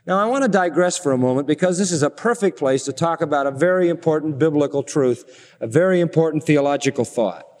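A middle-aged man preaching a sermon, slowing down for emphasis and asking the congregation rhetorical questions. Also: fairly high pitch, lively intonation, darkish tone, long reverb tail.

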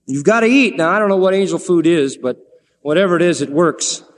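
A man preaching a sermon in a lively storytelling manner, acting out the quoted lines. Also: a little high, brisk, big-room sound, a little hiss or hum.

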